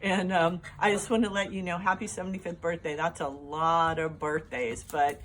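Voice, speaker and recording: A woman's voice: on the low side, fairly even intonation, normal speed, a bit bright, slight background noise. A woman, a family friend, telling a rambling story and joking her way through a birthday message. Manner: rambling, joking, self-interrupting.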